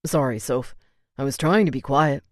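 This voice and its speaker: A woman's voice: rumbling low, moderate pace, dry recording, studio quality. A woman reading an audiobook, voicing a protective young man, the heroine's level-headed but angry older brother, who talks bluntly and swears when riled. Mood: concerned.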